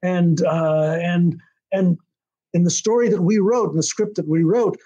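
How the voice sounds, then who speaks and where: An older American man recalls events in a casual interview, his voice sitting a little high for a man. He rambles, restarting his sentences and filling pauses with "uh" and "um". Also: steady tone, warm tone, muffled recording. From United States. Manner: rambling with many restarts and fillers. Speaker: TV writer-director being interviewed.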